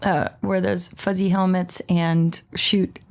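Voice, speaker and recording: A woman's voice: lowish voice, flat delivery, slow pace, gravelly. A woman co-hosting a podcast, joking and bantering in casual conversation. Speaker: podcast co-host. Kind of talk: casual chat.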